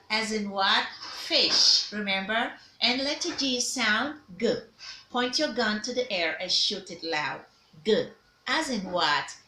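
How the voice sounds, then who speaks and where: Bright-voiced woman teaching phonics. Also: medium pitch, roomy sound. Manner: drills sounds, repeats and prompts the viewer. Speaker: diction teacher. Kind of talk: phonics lesson to camera.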